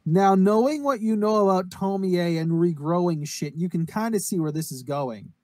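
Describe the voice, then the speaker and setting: On a casual podcast, a male co-host rambles and swears while recapping a horror anime, acting out the quotes as he goes. His voice sits high with lively intonation and a darkish tone, at a normal speed, with no room sound.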